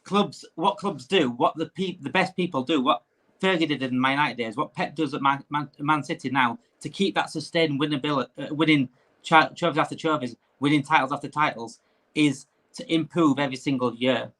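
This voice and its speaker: A man hosting a casual live-stream chat, ranting in an animated way. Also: a little high, brisk.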